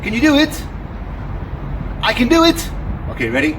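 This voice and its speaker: A man presenting a children's nature walk, speaking slowly and in an exaggerated, coaxing way that invites kids to join in, recorded outdoors. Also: very high voice, gravelly. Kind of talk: children's educational walk-along. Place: outdoors by a river. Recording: outdoor noise with passing traffic.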